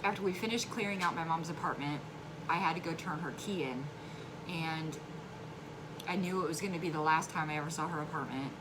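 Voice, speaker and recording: A woman frankly telling a personal story on her vlog, halting and restarting, flaring up when angry. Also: low-pitched. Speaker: vlogger sharing a personal story. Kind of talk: candid conversational storytelling. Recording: clear background noise.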